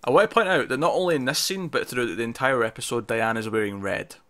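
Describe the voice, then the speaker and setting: Man, bright voice, casual tv review chat, chatty, restarts often. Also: medium pitch, fast talker. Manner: chatty, frequent fillers and restarts. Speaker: podcast co-host.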